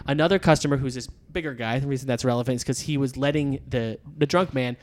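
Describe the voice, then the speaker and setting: A man's voice: medium pitch, fast, few pauses, a little mellow. Casual male podcast guest with a New England accent, rambling anecdote, voices the people in it. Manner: rambling, restarts often, acts out dialogue. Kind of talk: casual storytelling.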